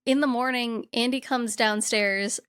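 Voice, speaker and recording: A woman's voice: a little high, steady tone, measured pace, a bit bright, clean tone. A woman co-hosting a podcast, retelling a film scene by scene in a blunt, profanity-laced casual chat. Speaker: podcast co-host. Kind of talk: casual movie recap chat.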